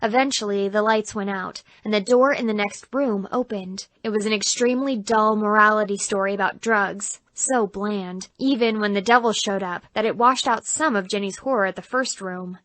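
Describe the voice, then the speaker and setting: A woman narrating an audiobook in an even, clear storytelling voice. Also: medium pitch, moderate pace, hardly any pauses, no echo.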